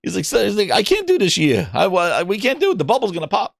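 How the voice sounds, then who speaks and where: A man running a gaming livestream, riffing on chat and slipping into mocking voices. His pitch sits a little high and jumps around a lot. The sound is dry, with no room around it. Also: fast, vocal fry, dry recording. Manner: animated, joking, does mocking voices. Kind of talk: livestream commentary, reading chat.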